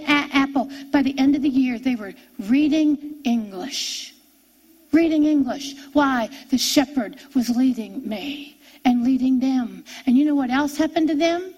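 Woman, middle-aged, preacher, high-pitched, animated storytelling sermon, repeats phrases. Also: rough recording.

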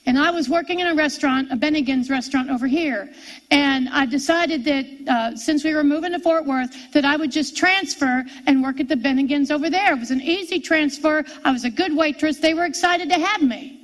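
A middle-aged woman preacher telling a personal story in a sermon, animated and repeating key phrases for emphasis. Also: high-pitched, fairly quick, low-quality recording.

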